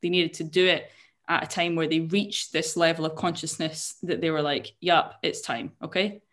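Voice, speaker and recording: With a low, steady, fairly bright voice at normal speed, a young woman co-hosting a laid-back chat show recounts a story. She cracks jokes, swears, laughs a lot, and keeps restarting words.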